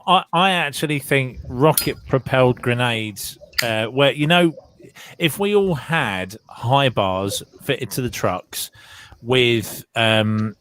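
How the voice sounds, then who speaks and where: A trucker in casual chat, halting and restarting as he pitches goofy ideas. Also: animated, a bit bright, a little hiss or hum. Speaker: truck driver.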